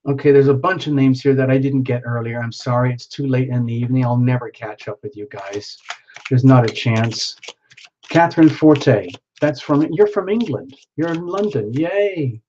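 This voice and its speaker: A man's voice: medium pitch, moderate pace, warm tone. Chatty male tarot reader, lo-fi sound. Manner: chatty, rambling, reading out viewers' names. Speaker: tarot reader hosting a live show. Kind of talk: live-stream tarot reading.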